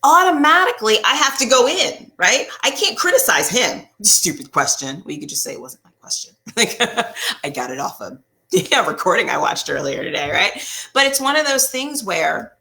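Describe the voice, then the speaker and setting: A woman therapist talks in a relaxed, explanatory way, her pitch swinging widely as she acts out little quotes. Her voice is bright and sharp, with a gravelly fry at the ends of phrases. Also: moderate pace. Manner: animated, acts out quotes, often asks "right?". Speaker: couples therapist. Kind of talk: casual explanatory talk.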